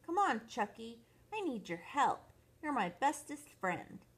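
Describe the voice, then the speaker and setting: A brave little toddler boy, earnest and a bit bossy, calling out in a lively, rising voice, as a woman puts him on. His breathy storybook voice is full of childlike determination. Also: on the high side, measured pace, voice pushed up, exaggerated voice. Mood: determined. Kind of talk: storybook read-aloud.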